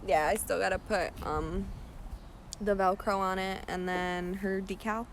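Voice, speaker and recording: A woman from Chile with a British accent chats casually on a livestream from home, partly out in a yard, answering viewers' comments while working on a craft. Her voice is mid-range and gravelly, with a little hiss or hum in the audio.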